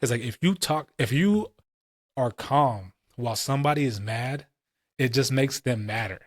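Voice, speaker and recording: A man's voice: mid-range voice, expressive, moderate pace, no echo, studio quality. A man in his late twenties or thirties, co-hosting a casual podcast and telling stories in heavy, profane street slang. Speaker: podcast co-host.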